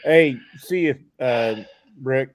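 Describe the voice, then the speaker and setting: A man's voice: medium pitch, slow pace. A man hosting a casual live stream, trading blunt, swearing banter with his guests.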